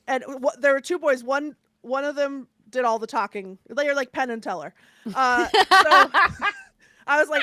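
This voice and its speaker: A woman co-hosting a podcast, telling a story in a chatty, animated way, with lots of fillers and asides. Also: high-pitched, moderate pace, dry recording. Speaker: podcast co-host. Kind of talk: casual chat, storytelling.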